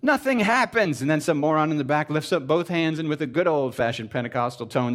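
This is a man preaching to a live crowd and playing it for laughs. His voice sits fairly high, and he swings from loud, sarcastic exclamations to quiet, muttered asides. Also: animated, brisk, hardly any pauses. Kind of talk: comedic sermon talk to a live audience.

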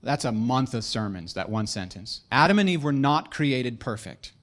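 A man's voice: mid-range voice, moderate pace. A man preaching a sermon with emphatic delivery and playful joking asides.

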